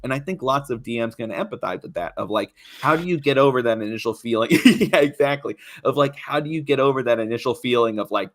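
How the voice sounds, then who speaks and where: A young man talking as a guest in a casual chat, animated and expressive, laughing often. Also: mid-range voice, quick pace, hardly any pauses. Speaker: guest, YouTube creator on tabletop games.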